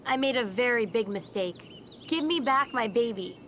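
A desperate birth mother who refuses to be kept from her son. Her voice sits high and her talk is urgent, insistent and pleading throughout this dubbed drama scene. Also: expressive, moderate pace, fairly bright tone, a little hiss or hum.

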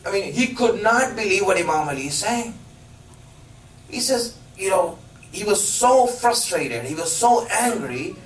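A man preaching a sermon, telling a story in halting phrases with many fillers and posing emphatic questions to his listeners. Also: high-pitched, animated, a little hiss or hum. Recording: echoey room from a distance.

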